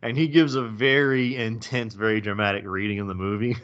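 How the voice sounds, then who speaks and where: A man's voice: lowish voice, fairly even intonation, a little fast, fairly bright tone, lo-fi sound. A man co-hosting a casual movie review podcast, laughing often and acting out quotes. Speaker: podcast co-host.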